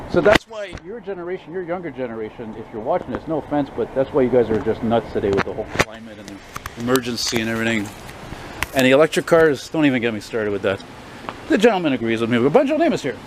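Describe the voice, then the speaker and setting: An older man vlogging as he walks a city street, rambling and opinionated, a self-described loudmouth. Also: mid-range voice, big pitch swings, fast. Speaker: walking vlogger. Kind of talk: casual walking commentary. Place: city street outdoors, walking. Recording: street noise behind.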